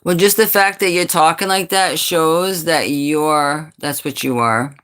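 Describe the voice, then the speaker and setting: A woman from New England with a low, sultry voice chats casually on a livestream. She is sassy and answers her chat's comments directly. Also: fairly even intonation, measured pace, a bit bright. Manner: sassy, talks back to chat comments. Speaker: livestream host.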